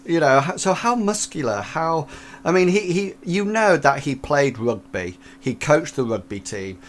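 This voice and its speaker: A man's voice: on the high side, sing-song, a little slow, a little hiss or hum. A man running a tabletop role-playing game as game master, rambling with many fillers and restarts.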